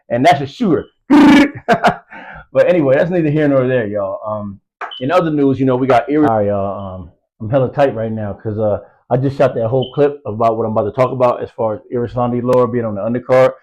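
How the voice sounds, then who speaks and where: A man's voice: mid-range voice, darkish tone, rough recording. A man giving casual boxing commentary, rambling with lots of fillers and street slang, from the US East Coast. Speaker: boxing news vlogger.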